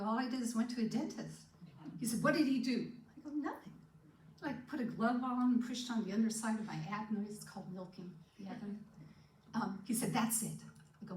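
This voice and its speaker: Woman telling her story in an echoey hall. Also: fairly high pitch. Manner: storytelling, acting out dialogue with animated shifts. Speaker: guest speaker sharing testimony. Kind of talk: personal testimony talk. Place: church hall. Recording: echoey hall, distant from the mic.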